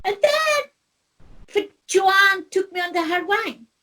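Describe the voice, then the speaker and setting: A woman's voice: very high voice, lively intonation, takes it slowly, pushed and bright. A middle-aged Scottish woman, a spiritual medium, telling her own story in a heartfelt, rambling way with many restarts. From Scotland. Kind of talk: personal storytelling.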